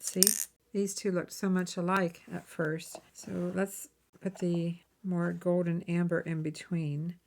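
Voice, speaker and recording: A woman demonstrates a craft project in a relaxed, conversational way. She thinks aloud as she works and drops friendly tips for the viewer. Her voice sits a little low for a woman. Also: a little hiss or hum. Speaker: jewelry-making channel host. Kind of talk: casual how-to demonstration.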